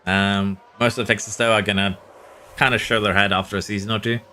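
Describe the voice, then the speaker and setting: A Norwegian man talks casually to his stream audience as he plays. His voice sits a little low but has a bright, forceful edge. He keeps an easygoing tone, reading out chat and chuckling often. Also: flat delivery, fairly quick. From Norway. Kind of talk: casual live-stream chat while playing.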